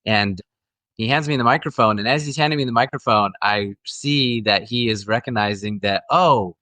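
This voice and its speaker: A man's voice: on the low side, moderate pace, pushed and bright, dry recording. A middle-aged man, an actor guest, telling stories in a friendly, casual interview chat with frequent restarts.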